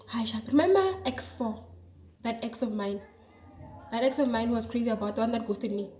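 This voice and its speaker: A young South African woman vlogger telling a story in a lively, slangy, chatty way. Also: fairly high pitch, fairly quick, a little hiss or hum. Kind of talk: casual storytelling to camera. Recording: echoey room.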